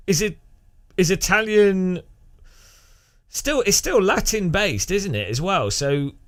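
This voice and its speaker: A man streaming live, chatting casually with viewers and laughing often. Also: mid-range voice. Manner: chatty, laughs often, imitates language rhythms with syllables.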